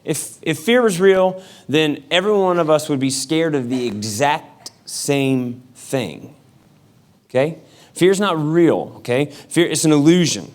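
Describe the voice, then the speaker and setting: A man's voice: fairly high pitch, animated, measured pace. A male pastor giving a sermon in a casual, joking storytelling manner. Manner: casual, humorous storytelling with acted-out quotes.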